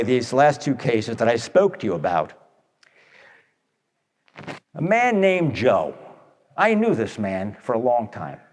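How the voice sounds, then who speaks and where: Folksy storytelling man in a reverberant hall. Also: medium pitch. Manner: conversational, addresses listeners directly, acts out quotes. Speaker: radio speaker giving advice talks.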